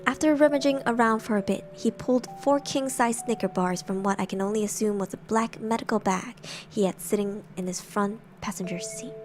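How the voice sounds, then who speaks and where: A young woman streamer narrating horror stories in a soft, hushed semi-ASMR style, with giggly asides. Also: medium pitch, brisk, few pauses, music in the background.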